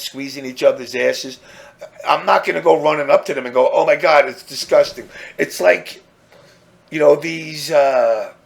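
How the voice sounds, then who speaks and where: A man's voice: mid-range voice, gravelly. A man hosting a casual podcast, ranting crudely and rambling while mocking others in put-on voices. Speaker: podcast host.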